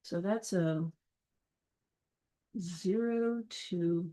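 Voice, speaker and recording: A woman talking herself through sorting teams for a film event at an unhurried pace. Her thoughts come out as muttered, half-finished counts and quiet asides. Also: lowish voice, poor audio. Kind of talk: thinking aloud while working.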